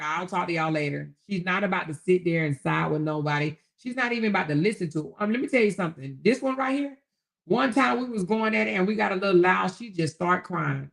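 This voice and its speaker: A woman's voice: fairly low pitch, gravelly. A middle-aged woman hosting a casual livestream, reading viewer comments in a folksy way, calling listeners baby and honey and chuckling often. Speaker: livestream host.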